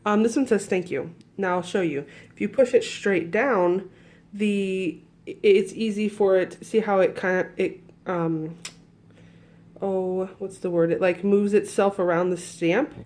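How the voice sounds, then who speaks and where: A woman's voice: medium pitch, fairly even intonation, measured pace, darkish tone. Woman with a groggy morning voice. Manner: chatty, many fillers and restarts. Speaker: crafting tutorial host. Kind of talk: casual how-to demonstration.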